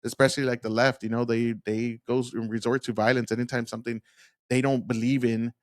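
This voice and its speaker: A man's voice: mid-range voice, little pitch movement, fast, no echo, clean studio sound. A man giving casual, worked-up reaction commentary on interview clips, blunt and profane.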